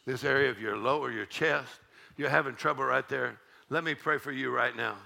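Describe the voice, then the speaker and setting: A man preaching a charismatic sermon in a church, exuberant, shouting, whooping and leading the congregation in laughter. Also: medium pitch, moderate pace, creaky. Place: church sanctuary.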